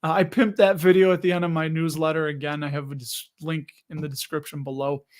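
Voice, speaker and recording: A man's voice: on the high side, level tone, fairly quick. An American man hosting a live investing stream, chatting loosely and reading viewer comments aloud. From United States. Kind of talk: casual live-stream chat.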